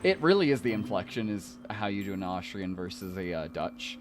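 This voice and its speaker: A man's voice: deep voice, sing-song, a little fast, music in the background. A man streaming a game, chatting casually, rambling, swearing freely and laughing at himself.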